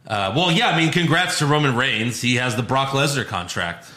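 Bright-voiced swearing podcast man. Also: mid-range voice, animated, normal speed, roomy sound. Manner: swearing, playful recap with mock quotes. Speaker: podcast co-host recapping wrestling. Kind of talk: casual chat.

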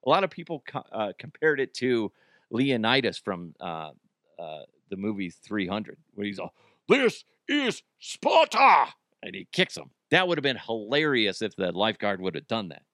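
A man's voice: on the low side, lively intonation, normal speed, a bit bright, no room sound, clean studio sound. A man in his thirties hosting a casual podcast, joking, swearing freely and laughing often. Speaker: podcast host.

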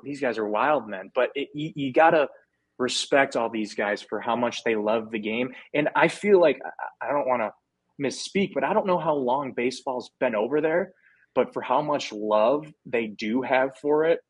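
A man's voice: mid-range voice, moderate pace, breathy edge, dry recording. Laid-back young American man telling stories. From United States. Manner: relaxed storyteller with frequent restarts and slang. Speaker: podcast guest, former minor league player. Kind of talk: casual interview chat.

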